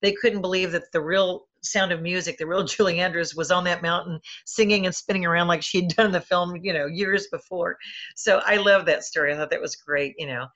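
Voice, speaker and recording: A woman's voice: lowish voice, steady tone, fairly quick, a bit bright, dull audio. A woman film critic telling chatty anecdotes about stars in an interview, with many restarts. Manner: chatty, lots of fillers and restarts.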